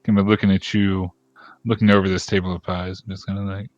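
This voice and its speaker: A man's voice: low voice, level tone, fast talker, darkish tone, dry recording. A man narrating a tabletop game as game master in a loose, filler-heavy way. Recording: dull, dry, lo-fi sound.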